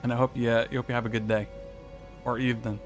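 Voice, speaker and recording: A man's voice: mid-range voice, level tone, fast, faint music behind. A man casually commenting on a game he is streaming, thinking aloud and talking to his chat. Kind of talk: casual gaming livestream commentary.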